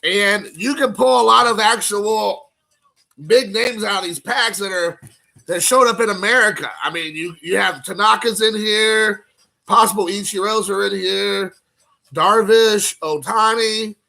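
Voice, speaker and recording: A man chatting casually in an unboxing video, excitable and rambling, joking with viewers. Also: high voice, measured pace, creaky. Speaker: card collecting vlogger.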